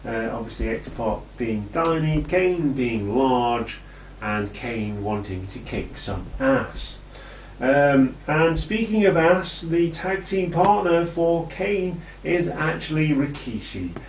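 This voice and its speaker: A British man chats through a wrestling recap in a loose, jokey ramble. He speaks slowly and sits back from the mic. His voice carries a roomy echo. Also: fairly high pitch, expressive, slight background noise. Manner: rambling and jokey, with many ums. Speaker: wrestling show reviewer. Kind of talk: casual video review. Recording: echoey room, distant from the mic.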